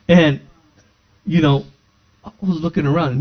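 A man preaching a sermon, telling a personal story with lively acted-out dialogue. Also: on the high side, unhurried, long pauses. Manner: animated, acts out dialogue in his stories. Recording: dull lo-fi recording.

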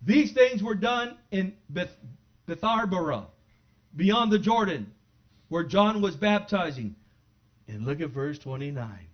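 High-voiced preacher in a dull recording. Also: male voice, animated, a little slow. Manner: conversational preaching, rising to loud exclamations. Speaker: pastor. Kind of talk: sermon. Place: church sanctuary.

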